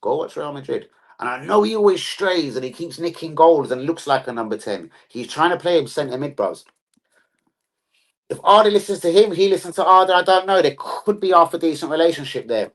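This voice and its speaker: A young man runs a casual football live stream. His talk is full of swearing and slang. His pitch swings widely from low mutters up to sudden high yells. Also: lively intonation, brisk. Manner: rowdy, profane banter full of slang.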